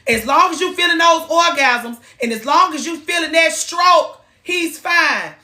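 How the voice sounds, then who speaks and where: A woman giving blunt, profane, animated relationship advice on a live stream. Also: very high-pitched, a little slow, roomy sound.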